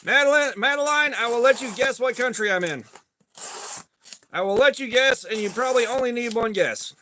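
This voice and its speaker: A man with a very high, bright, forceful voice hosts a relaxed livestream, chatting with his viewers by name. He jokes loosely between tests, and a faint hiss sits under his voice. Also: moderate pace. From USA. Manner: laid-back, greets chat viewers by name, joking. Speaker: knife testing livestream host. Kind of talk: casual livestream chat.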